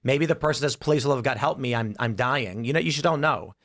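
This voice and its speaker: Speaking a little fast in a mid-range voice, a man hosts a political panel podcast. He talks through hypotheticals with lively energy, voicing the people in them.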